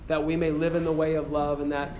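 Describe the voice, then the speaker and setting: A man giving an earnest campus sermon, telling a story with frequent restarts and ending in a slow, quiet prayer. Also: fairly high pitch, flat delivery, a little hiss or hum. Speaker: campus pastor. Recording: echoey room with faint ambience.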